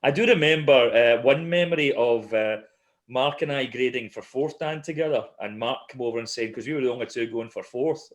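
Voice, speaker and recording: A middle-aged man hosting a podcast, telling stories in a lively, animated way and laughing often. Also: medium pitch, a little fast. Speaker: podcast host. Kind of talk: casual chat.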